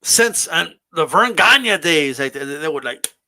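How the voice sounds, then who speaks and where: Man, high voice, bright and sharp, animated casual rant, stumbling restarts. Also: unhurried. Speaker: streamer hosting a live wrestling talk. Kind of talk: casual ranting commentary.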